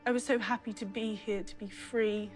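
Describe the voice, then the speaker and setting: An actress playing a composed, guarded young noblewoman in a television drama, speaking softly and carefully. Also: medium pitch, fairly even intonation, normal speed, soft background music, natural voice. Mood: earnest.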